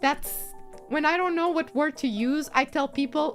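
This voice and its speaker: A woman's voice: high voice, unhurried. A woman streamer chatting casually, rambling and laughing often, with faint music behind her. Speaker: virtual streamer.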